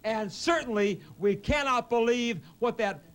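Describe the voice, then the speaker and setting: A man hosting a heated studio debate, blustering and shouting down his guests. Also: very high-pitched, measured pace. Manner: blustering, shouts people down, keeps saying hold on. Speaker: talk show host.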